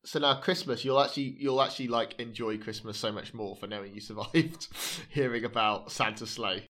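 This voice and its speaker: A man's voice: medium pitch, steady tone, brisk, fairly bright tone. A man hosting a podcast, joking, swearing freely and mockingly reading reviews aloud. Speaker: podcast host. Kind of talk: casual podcast banter.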